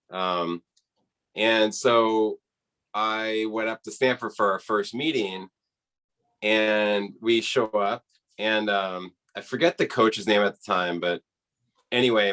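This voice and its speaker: A man guest on a podcast, telling an animated story in casual talk and acting out the people he quotes. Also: on the low side, low-quality recording. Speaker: interview guest, rower.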